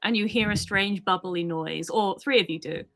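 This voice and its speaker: A woman's voice: medium pitch, normal speed, a bit bright, faint music behind. A woman narrating a tabletop role-playing game as game master, playful and laughing often.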